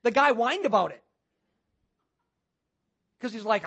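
A man's voice: extremely high pitch, brisk, long pauses, fairly bright tone, breathy edge. A man preaching a sermon as pastor, using repetition and rhetorical questions.

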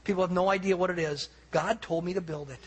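A man preaching a sermon with a husky, somewhat raspy voice that sits high for a man. He tells stories in an animated way, acting out what people said. He speaks as a pastor to his congregation. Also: fast talker.

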